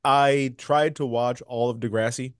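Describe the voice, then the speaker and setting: A man's voice: mid-range voice, unhurried, clean tone, no room sound, studio quality. A man hosting a movie podcast, chatting casually, swearing freely and acting out his own reactions. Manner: animated, profane, acts out his own reactions. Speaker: podcast host. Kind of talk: casual chat.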